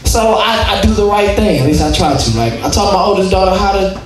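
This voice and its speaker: A male stand-up comedian telling profane stories about fatherhood to a live audience, with shouted punchlines. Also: high-pitched, lively intonation, fairly quick, music in the background. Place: comedy club stage before a live audience. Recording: echoey room, mic heard from a distance, audience noise.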